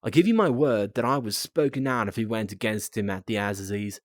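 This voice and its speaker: A man's voice: fairly low pitch, fairly quick, no room sound, studio quality, close to an everyday voice. A man voicing a grim, dying old man with a put-on Australian accent, in a storybook reading. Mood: grave.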